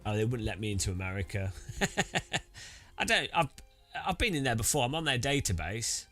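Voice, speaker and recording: A man's voice: mid-range voice, big pitch swings, quick pace, a bit bright, soft background music. A British man chatting casually while setting up racing gear, rambling with many restarts. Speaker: sim racing streamer.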